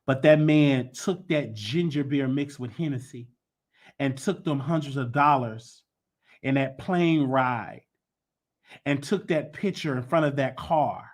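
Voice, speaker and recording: A man's voice: mid-range voice, measured pace. A man hosting a gossip commentary show, talking in a mocking, heated and sarcastic way. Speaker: host.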